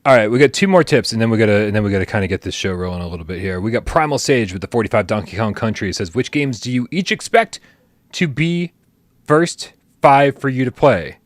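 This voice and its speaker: A man speaking quickly as co-host of a live gaming podcast, easygoing and curious. His voice sits mid-range and sounds close and dry on a podcast mic. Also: fairly low pitch, expressive, no echo. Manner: quick, curious, laughs along. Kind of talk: casual chat.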